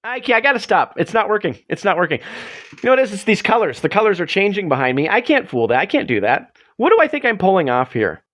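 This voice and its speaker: A man's voice: high voice, sing-song, quick pace, a bit bright. Rambling, self-mocking male streamer. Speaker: livestream host. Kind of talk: casual livestream chat. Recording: dull lo-fi stream audio.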